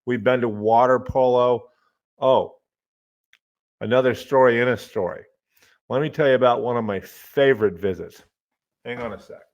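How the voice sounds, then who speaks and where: A middle-aged man, a college professor hosting his own podcast, telling casual stories in a lively way, swearing now and then and muttering to himself as he fiddles with his desk microphone. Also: mid-range voice, normal speed, pauses often, highs cut off. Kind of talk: casual storytelling monologue.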